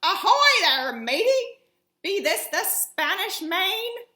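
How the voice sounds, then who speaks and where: Loud blustering pirate captain in a read-aloud storybook, voiced by a woman, high and bright, echoey room. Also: very animated, slow, full character voice. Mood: booming. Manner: bellowing pirate talk. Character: loud swaggering male head pirate captain.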